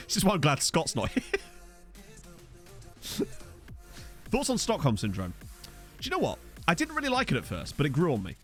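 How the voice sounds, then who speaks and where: A man streaming a football management game, rambling and riffing with his chat between excitable outbursts. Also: fairly high pitch, moderate pace, long pauses, faint music behind.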